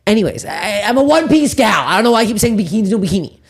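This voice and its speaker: A woman hosting a comedy podcast who tells her stories with animated energy. She laughs often and swears freely in casual chat. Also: mid-range voice, rapid-fire, slightly rough. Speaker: podcast host.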